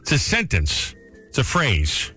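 A man hosting a morning radio show, bantering and ranting in a joking, lively way. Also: medium pitch, a little slow, faint music behind.

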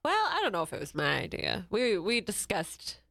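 A woman's voice: medium pitch, huge pitch swings, normal speed, vocal fry, a bit bright, dry recording, clean studio sound. A woman in a casual podcast chat, talking in a laughing, self-deprecating way.

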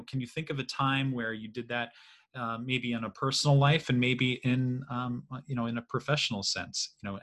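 A man hosting a laid-back interview in a bright, forceful voice. He asks long, rambling questions and often trails off into quiet fillers. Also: fairly low pitch. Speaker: podcast host. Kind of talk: casual interview chat.

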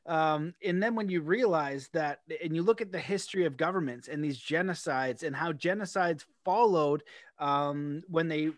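A Canadian man talks in a loose, rambling way, animated and quick to laugh. His voice sits fairly high. The sound is dry and close, with no room echo. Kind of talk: casual podcast conversation.

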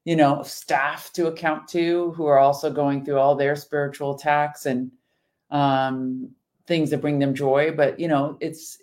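A woman's voice: deep voice, flat delivery, unhurried, darkish tone. Emphatic woman in devotional chat. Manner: earnest, emphatic. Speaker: co-host.

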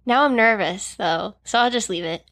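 A woman's voice: mid-range voice, moderate pace, a bit bright. A woman co-hosting a podcast in casual chat, giggly and a little bashful. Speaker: podcast co-host.

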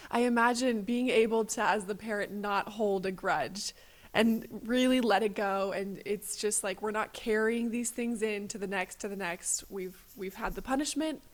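A woman hosting a conversation talks in a reflective, thinking-aloud way. Her pitch sits in the middle range, and she keeps the tone conversational. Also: normal speed. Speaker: interviewer. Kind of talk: conversational interview.

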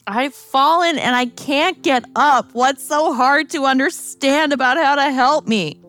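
A woman's voice: high-pitched, unhurried, a bit bright, no echo, pitched above the performer's own voice. Woman playing a whiny stranded adventurer.

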